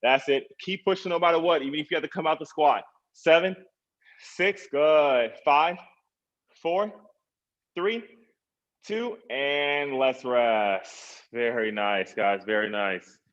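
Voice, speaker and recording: A man's voice: a little high, takes it slowly, fairly bright tone, dull audio. A man, a personal trainer, coaching an online workout class, encouraging people and counting down the reps.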